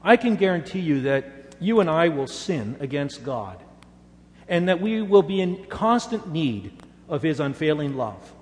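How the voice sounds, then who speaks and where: A man's voice: a little high, very animated, a little slow, in a large hall. A man preaching a sermon, telling stories earnestly and making emphatic assurances to his congregation. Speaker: pastor.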